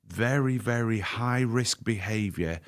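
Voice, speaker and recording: Appearing as a podcast guest, a man with a slightly low voice speaks candidly and unhurriedly. He is earnest and emphatic, frequently doubling back on his words as he makes his point.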